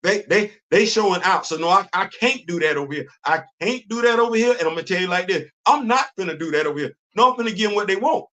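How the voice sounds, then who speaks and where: A man hosting a show, talking in a casual, animated monologue and acting out imagined conversations in informal African American Vernacular English. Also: sits high, fast, hardly any pauses. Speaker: host.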